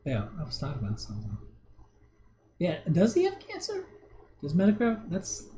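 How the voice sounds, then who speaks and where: A man in his thirties chatting on a casual livestream and reacting to viewer comments. His pitch swings widely and he often restarts sentences between small chuckles. A faint hum of ambient noise sits behind him. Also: huge pitch swings, moderate pace, warm tone. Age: 30s. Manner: rambling, with many restarts and chuckles. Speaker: livestream host.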